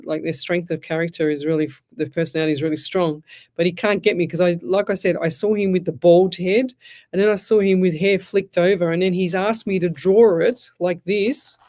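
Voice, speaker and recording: A woman's voice: lowish voice, mellow. Chatty Australian woman doing a radio reading. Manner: chatty, rambling, laughs often while telling stories. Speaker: psychic medium radio host. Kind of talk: live radio reading, casual chat.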